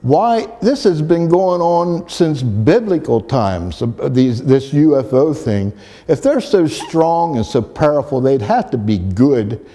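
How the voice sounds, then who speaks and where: Mellow-voiced man telling a story. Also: on the high side, lively intonation, slow pace, long reverb tail. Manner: rambling, with frequent restarts and repetitions. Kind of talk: personal storytelling.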